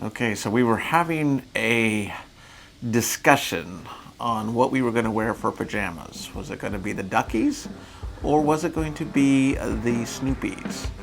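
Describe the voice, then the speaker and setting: A man's voice: medium pitch, a little slow, vocal fry, a little hiss or hum. A man vlogging aboard a cruise ship, chatty and upbeat, talking straight to viewers as folks. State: out of breath. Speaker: travel vlogger. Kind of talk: casual vlog chat.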